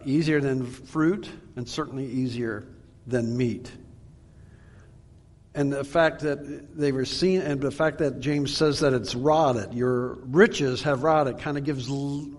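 A man preaching a Bible-teaching sermon, earnest and emphatic, slowing down for scripture readings. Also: medium pitch, a little mellow, in a large hall. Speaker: pastor.

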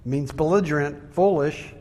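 A man preaching a sermon in a conversational, animated way, telling stories and acting out the quotes. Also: a little high, unhurried. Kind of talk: sermon with storytelling. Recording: long hall reverb.

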